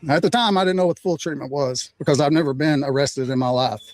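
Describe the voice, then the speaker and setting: An older man recounting what happened to him in a plain, measured way. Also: a little high, dry recording. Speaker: interviewee. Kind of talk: recounting a story.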